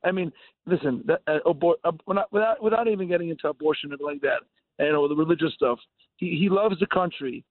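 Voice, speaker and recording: A man from California calling in to a radio show, rambling excitedly and repeating his words. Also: on the high side, fast, no echo. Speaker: caller. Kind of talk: casual call-in chat. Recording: tinny phone line.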